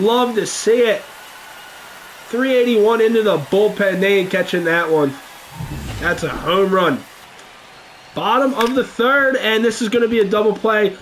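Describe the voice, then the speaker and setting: A young man giving casual commentary over a baseball video game, getting loud and excited at big plays. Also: sits high, a little hiss or hum. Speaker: gaming YouTuber.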